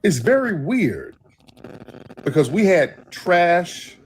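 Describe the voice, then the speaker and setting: A man's voice: sits high, very animated, takes it slowly, a little hiss or hum. A man hosting a casual livestream chat, telling rambling, profanity-laced stories. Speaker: host.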